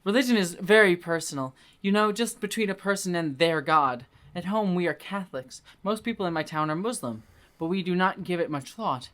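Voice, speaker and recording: A man's voice: sits high, a little fast, a bit bright. Man putting on a lilting foreign young woman. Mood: earnest. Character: young foreign woman, earnest, halting speech.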